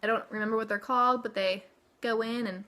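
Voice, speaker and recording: Young woman vlogging at home, bright clear voice, super chatty, says like and okay a lot. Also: on the high side, fairly even intonation, fast. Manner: chatty, frequent "like" and "okay?" tag questions. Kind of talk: casual storytelling to camera.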